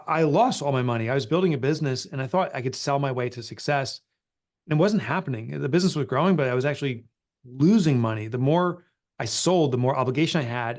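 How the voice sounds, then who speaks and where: A man's voice: mid-range voice, a little mellow. Earnest middle-aged man telling his story. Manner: earnest, emotional, confessional. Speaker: author and guest. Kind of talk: candid storytelling interview.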